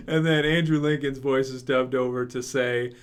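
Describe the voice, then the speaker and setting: A man's voice: mid-range voice, clean tone. Laughing, rambling English young man. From England. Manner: rambling, laughs often, many fillers. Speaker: YouTube reaction host. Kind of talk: casual video review.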